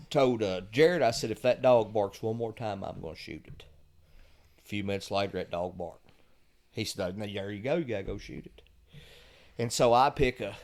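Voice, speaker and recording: A middle-aged man, telling lively stories as a podcast guest and chuckling at the punchlines. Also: on the low side. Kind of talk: casual storytelling.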